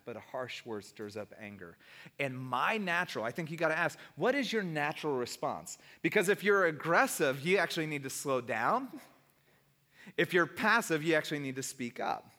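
A man's voice: mid-range voice, bright, forceful tone. A middle-aged male pastor preaching a sermon in a conversational, storytelling way, acting out the people he quotes.

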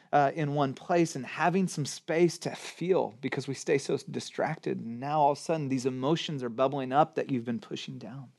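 A man with a high-pitched voice delivers a sermon as a pastor. He talks in an animated way, leaning on rhetorical questions and punching key words with strong emphasis.

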